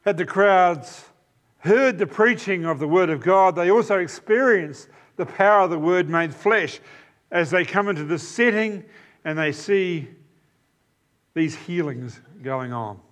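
A man's voice: high-pitched, expressive, unhurried, a bit bright. A man preaching a sermon in an earnest, emphatic way, often repeating key phrases. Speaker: pastor.

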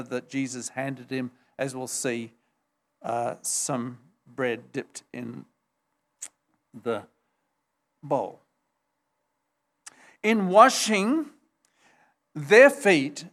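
A man's voice: a little high, a bit bright. A man preaching a sermon, emphatic and earnest as he explains scripture to his congregation. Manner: emphatic, retells scripture with acted quotes. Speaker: pastor.

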